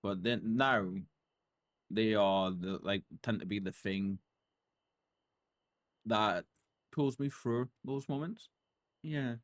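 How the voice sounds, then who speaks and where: A man's voice: lowish voice, takes it slowly, long pauses, no room sound. Candid man musing over gameplay. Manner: candid, rambling, with fillers. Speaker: let's play streamer. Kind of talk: casual gameplay commentary.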